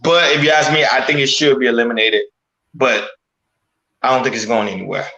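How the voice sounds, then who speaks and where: A man's voice: medium pitch, fairly even intonation, fairly quick, sharp tone, lo-fi sound. Earnest male co-host in an echoey room. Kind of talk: casual talk show discussion.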